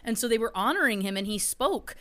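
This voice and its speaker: A woman co-hosting a podcast, telling stories in a lively way with playful asides. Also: on the high side, quick pace, a little hiss or hum. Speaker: podcast co-host. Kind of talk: casual chat.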